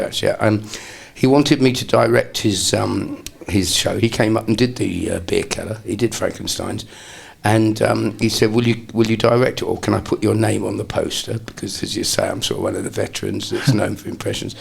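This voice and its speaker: A man's voice: fairly low pitch, a little fast, gravelly, breathy edge. An older man, a comedian guest, telling rambling anecdotes in a casual interview and slipping into impressions.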